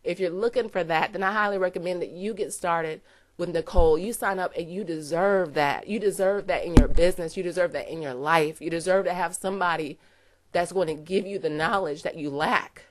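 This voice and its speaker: A woman's voice: on the low side, a little fast. A woman giving an earnest, emotional testimonial to camera, close to tears, with many "you know" fillers. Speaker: network marketer giving a testimonial.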